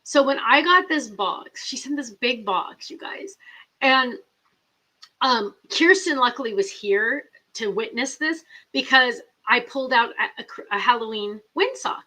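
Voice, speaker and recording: Chatty middle-aged woman host, bright voice, rambling live-chat delivery. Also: a little high, unhurried, rough recording. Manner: chatty, rambling, reads viewer comments aloud.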